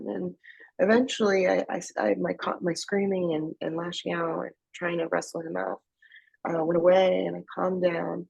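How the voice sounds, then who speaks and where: Gravelly low-voiced woman from Afghanistan. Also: flat delivery, darkish tone, no echo. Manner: candid, emotional, halting with restarts. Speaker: interview guest. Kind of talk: personal testimony storytelling.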